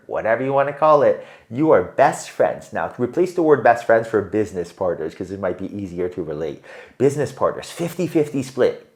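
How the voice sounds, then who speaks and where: A man giving a tarot reading in an animated, emphatic way, often checking in with "right?". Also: fairly low pitch. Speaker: tarot reader.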